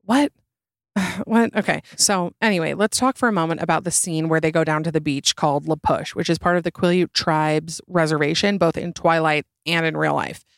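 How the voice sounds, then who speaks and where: A young woman hosting a solo podcast, talking in a sarcastic, exasperated way and jumping up in pitch for emphasis. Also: fairly even intonation, brisk, vocal fry, hardly any pauses, no room sound, clean studio sound. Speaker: podcast host.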